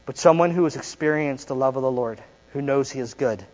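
A male pastor preaching a sermon, leading call-and-response and mixing in joking, conversational asides with dramatic pauses. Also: mid-range voice, a little mellow. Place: church sanctuary. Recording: dull lo-fi recording with long hall reverb and mains hum.

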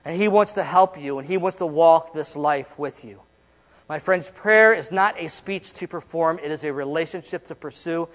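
A male pastor preaching a sermon in a church, swinging from loud emphasis to hushed, quiet lines. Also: a little high, normal speed, long reverb tail, lo-fi sound. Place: church sanctuary.

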